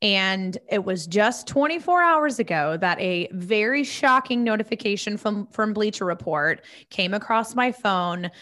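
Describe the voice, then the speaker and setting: A woman co-hosting a podcast in an easy, chatty way. Her pitch sits in the middle range, and she playfully stretches words out for emphasis as she tells her stories. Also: animated, unhurried, hardly any pauses, a bit bright. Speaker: podcast co-host. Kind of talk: casual chat.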